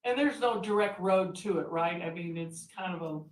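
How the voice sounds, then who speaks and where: A woman attorney questioning a witness in a courtroom, asking deliberate, leading questions. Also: fairly low pitch. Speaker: defense attorney. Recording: echoey courtroom audio from far mic.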